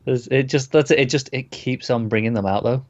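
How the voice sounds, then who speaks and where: A man's voice: medium pitch, a little fast, a little mellow. A man co-hosting a casual review chat, mostly brief agreeing replies. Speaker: podcast co-host. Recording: dull lo-fi sound.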